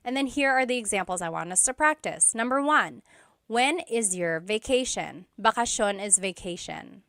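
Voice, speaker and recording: A woman teaching an online language lesson, patiently repeating phrases slowly for practice, with light laughs between explanations. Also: medium pitch, animated, fairly bright tone, no room sound, studio quality.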